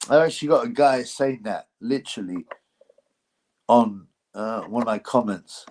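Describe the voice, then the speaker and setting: A man chatting loosely on a livestream in a middle-pitched voice. He rambles from one aside to the next, mocking and joking as he goes. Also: animated, normal speed, a little mellow. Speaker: livestream host. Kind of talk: casual livestream chat.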